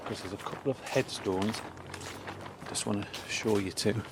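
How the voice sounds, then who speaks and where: A man's voice: lowish voice, noisy background. Breathless man on an outdoor history walk. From North East England. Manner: reads old headstone inscriptions with pauses and restarts. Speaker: local history vlogger. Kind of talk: casual walking tour commentary. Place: outdoors in a cemetery.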